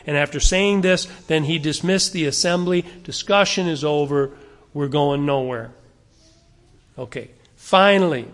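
A man's voice: a little high, big-room sound. A male pastor delivering a sermon to his congregation, exhorting them earnestly and asking rhetorical questions.

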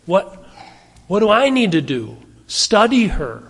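A man preaching a sermon in a loose, conversational manner, asking his listeners question after question. His voice sits a little high for a man. The sound carries a long reverb, as in a large sanctuary. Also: sing-song, slow, gravelly, fairly bright tone, husky. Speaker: pastor.

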